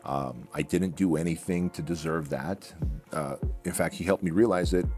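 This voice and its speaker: A man's voice: deep voice, normal speed, a little mellow, faint music behind. A man as an interview guest, talking candidly and bluntly about his past in casual language with the odd swear word. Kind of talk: candid personal storytelling.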